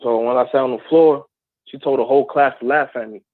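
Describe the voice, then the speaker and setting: A man with a mid-range voice calls in from New Jersey to tell a story. He speaks casually, stops and restarts often, and fills pauses with "um." The sound is a tinny, dry phone line. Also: mid-range voice, no echo. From Plainfield, New Jersey, USA. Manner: casual, halting, with fillers. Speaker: caller. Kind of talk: call-in storytelling.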